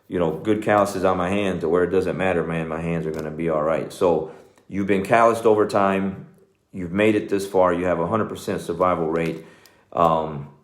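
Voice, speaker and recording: A man's voice: sits low, echoey room. A middle-aged man with a Texan accent, a jiu-jitsu coach giving an earnest, conversational motivational talk. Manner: earnest, conversational, says "man" and "okay" often.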